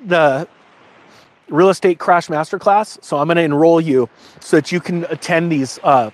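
In a casual to-camera talk for his own channel, a middle-aged man speaks emphatically, rambles, and gets emotional. His voice is a little high and his pace moderate, with no room sound in the recording.

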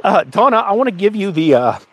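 This middle-aged channel host speaks to camera in a high-sitting, husky voice with big pitch swings and a brisk pace. His talk is casual yet emphatic, rambling and turning emotional.

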